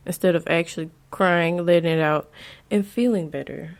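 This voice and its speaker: A woman's voice: on the low side, normal speed, faint music behind. A woman hosting a podcast who gives frank, casual advice in a rambling way, with profanity and frequent restarts. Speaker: podcast host.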